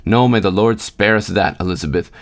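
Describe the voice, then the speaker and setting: A man's voice: lowish voice, a little fast, vocal fry. A man voicing a fretful, tearful woman of about sixty who rambles in lament. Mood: musing. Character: elderly mother-in-law, tearful and fretful.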